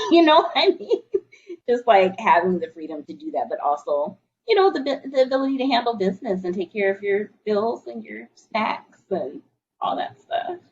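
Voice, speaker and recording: A woman guest coach in a casual podcast chat, talking in an animated and encouraging way. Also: medium pitch, moderate pace, a little hiss or hum. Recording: dull lo-fi remote audio.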